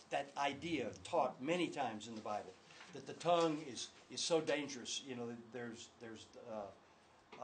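A man's voice: medium pitch, slight background noise, poor audio. An older man teaching a church class with slides, talking in an enthusiastic, emphatic way. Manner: enthusiastic, emphatic, talks with restarts.

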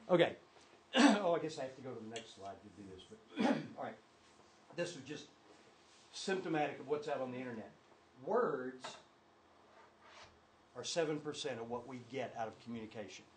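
A man's voice: medium pitch, a little hiss or hum, rough recording. An older man teaching a church class with slides, talking in an enthusiastic, emphatic way. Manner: enthusiastic, emphatic, talks with restarts.

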